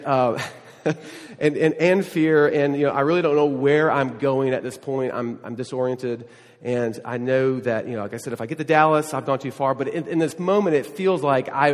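Man, pastor, storytelling sermon, rambling with restarts, long hall reverb. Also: mid-range voice. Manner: storytelling, rambling with restarts and self-deprecating asides.

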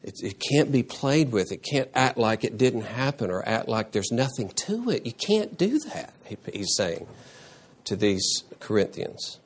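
Animated and slightly rough-voiced, this pastor keeps a measured pace through his sermon. For emphasis he jumps abruptly into a high register, often repeating words and starting phrases over.

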